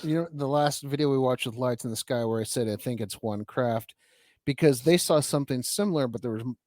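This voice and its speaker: A man's voice: mid-range voice, a little fast, darkish tone, no room sound. Casual male podcast co-host, dry sound. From northern United States. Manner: loose, rambling, restarts his phrases. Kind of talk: casual chat.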